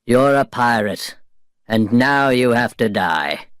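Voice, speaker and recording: A man's voice: medium pitch, animated, slow pace, a bit bright, clean tone, no room sound, clean studio sound. A man voicing a stern older governor and fretful father.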